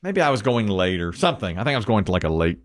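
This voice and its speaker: Male morning-show host, chatty rambling storyteller, animated pitch. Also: rapid-fire. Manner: rambling storyteller, laughs at own anecdotes. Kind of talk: casual chat.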